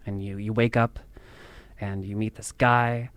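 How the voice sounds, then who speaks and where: Male host, lower voice, dry close sound; chatty, drifts off on tangents. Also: flat delivery, measured pace, clear, resonant tone, no room sound. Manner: rambling, chatty, laughs at himself. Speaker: podcast host. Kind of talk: casual rambling monologue.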